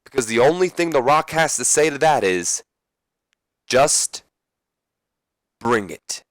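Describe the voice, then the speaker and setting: A man putting on the voice of a boastful male wrestling superstar who talks about himself in the third person, taunting loudly, recorded on a close microphone. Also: mid-range voice, expressive, takes it slowly, dry recording, pitched above the performer's own voice. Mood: cocky.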